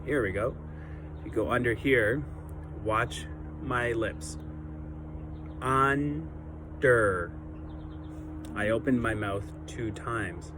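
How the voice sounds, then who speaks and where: Slow, patient male teacher with fillers. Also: fairly low pitch, background noise. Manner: slow, patient, with many ums and uhs; light self-deprecating humor. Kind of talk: recorded lesson for young children.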